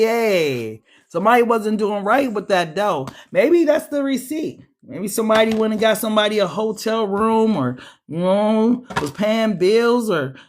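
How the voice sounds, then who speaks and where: Guy w a high voice doing a tarot reading, cussing a lot, calls everyone beloved. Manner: profane, animated, calls viewers beloved. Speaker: tarot reader. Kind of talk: casual streetwise tarot reading.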